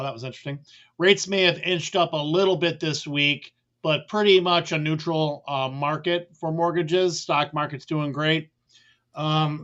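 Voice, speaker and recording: Guy calling in about mortgages, kinda high voice, rambly with lots of uh's, muffled call sound. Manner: relaxed, rambling, many fillers. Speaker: mortgage guest. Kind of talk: casual remote chat.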